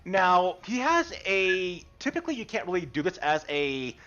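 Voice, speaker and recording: Lively, bright-voiced male game master. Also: high-pitched, normal speed, lo-fi sound. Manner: animated, rambling narration with fillers. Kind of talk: narrating a tabletop game.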